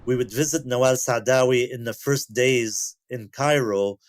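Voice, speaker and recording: A man's voice: mid-range voice, steady tone, moderate pace, a little hiss or hum. A man telling stories as a podcast guest, amused and chuckling as he goes. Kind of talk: anecdotal storytelling.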